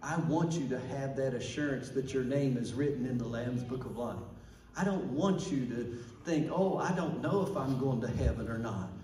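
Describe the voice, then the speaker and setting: A man's voice: medium pitch, normal speed, dark tone, a little hiss or hum. A man preaching a sermon as pastor, fervent, calling out to the congregation for responses. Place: church sanctuary. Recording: echoey church from far off.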